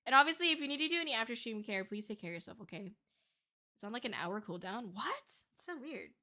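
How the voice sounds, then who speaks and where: A young woman talks to her stream viewers in a loose, candid ramble, circling back and restarting her sentences. Her voice sits a little high and sounds bright and forward. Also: lively intonation, fast. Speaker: VTuber streamer. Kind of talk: casual livestream chat.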